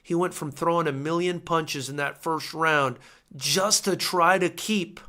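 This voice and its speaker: Man, fight stream host, live commentary, excitable, repeats himself, emotional, bright forceful voice. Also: on the high side, unhurried. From United States.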